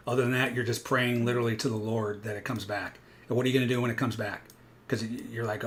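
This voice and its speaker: A man coaching viewers through live futures trades, explaining chart patterns and acting out panicked traders with bursts of energy. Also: medium pitch. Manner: animated, acts out panicked traders, rapid asides. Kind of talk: live trading walkthrough.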